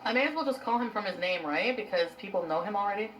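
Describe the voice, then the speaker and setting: A woman's voice: mid-range voice, expressive, fast talker, background noise. A woman on a casual livestream who rambles and talks to her chat and her pets.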